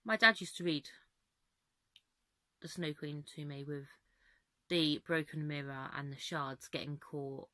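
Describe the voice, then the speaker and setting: A young woman chats candidly to camera in a rambling, open way, her voice fairly low and a bit worn. She is recorded close and dry, with almost no room sound. She laughs often between thoughts. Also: unhurried, pauses often, bright, forceful tone, no echo. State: voice going. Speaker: vlogger. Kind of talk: casual chat to camera.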